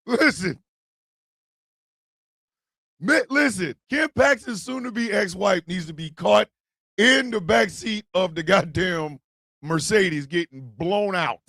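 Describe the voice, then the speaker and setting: A man hosting a comedy show, ranting in a profane, animated way with yelled bursts. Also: high-pitched, slow pace, pauses often, no room sound, clean studio sound. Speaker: host. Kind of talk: comedic rant commentary.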